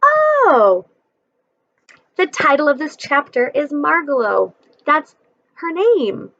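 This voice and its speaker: A woman's voice: sits high, expressive, measured pace, gravelly, a bit bright, dry recording, dull audio. Woman reading a storybook aloud. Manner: friendly explaining asides between passages. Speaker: reader of a children's book. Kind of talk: reading a chapter book aloud with comments.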